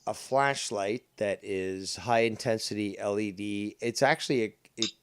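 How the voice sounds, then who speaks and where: A man's voice: fairly low pitch, measured pace, background noise. A man with a Canadian accent, a podcast guest rambling through casual chat with plenty of ums, restarts and the odd swear.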